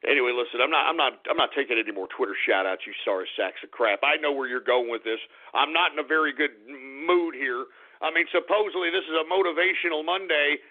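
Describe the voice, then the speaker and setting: A man hosting a radio talk show, ranting in an irate, profane way and swinging between shouts and mutters. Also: fairly high pitch, fast talker. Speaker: radio host. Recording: tinny phone-like radio audio.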